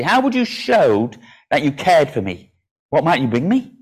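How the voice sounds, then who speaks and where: A man's voice: wildly swooping pitch, normal speed, slightly rough. A man preaching a sermon in a church, earnest and solemn on the hard points, then coaxing and playful when he calls children up to help. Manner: earnest, drops low and soft for solemn points. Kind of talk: sermon with a children's object lesson.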